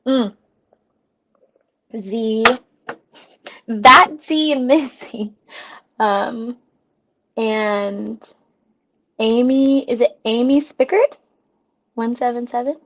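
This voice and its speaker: Slow-talking woman live-streaming, lo-fi. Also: on the high side. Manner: laughs often, drawn-out reactions, many ums. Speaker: livestream host. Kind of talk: casual live chat reading comments.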